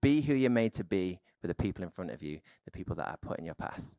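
Casual low-voiced male preacher, dry sound. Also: big pitch swings, fast, warm tone, dry recording. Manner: conversational, informal sermon with many fillers. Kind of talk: sermon.

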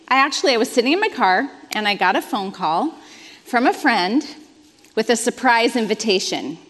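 A woman in her fifties, a pastor on staff, giving a sermon with animated, self-deprecating storytelling. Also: a little high, long reverb tail. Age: 50s.

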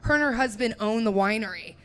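A woman's voice: on the high side, a little fast. A young woman from Indiana doing crude, laughing stand-up, riffing with the audience on a club stage. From Indiana, USA. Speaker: stand-up comedian. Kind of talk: crowd-work stand-up. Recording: live club with crowd laughter.

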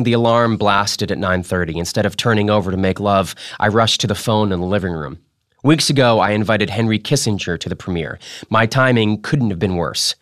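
A man hosting a podcast, reading a memoir aloud with dramatic delivery that drops to a hush. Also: fairly low pitch, dry recording, clean studio sound. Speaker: podcast host.

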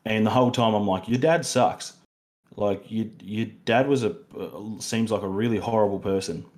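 A man's voice: on the low side, steady tone, fairly quick, a little mellow. A young Australian man co-hosting a casual film review podcast, rambling with many fillers and restarts. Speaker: podcast co-host.

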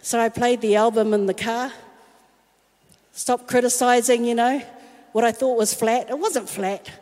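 Aussie woman preaching, high voice, lively storytelling, big hall echo. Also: measured pace. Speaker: worship singer and speaker. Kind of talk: personal testimony sermon. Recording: long reverb of a large hall.

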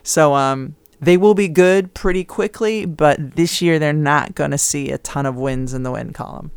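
Smooth-voiced woman talking basketball. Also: sits low, moderate pace, a little mellow, dry recording. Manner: chatty, upbeat, with fillers. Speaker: podcast co-host and basketball analyst. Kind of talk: casual sports chat.

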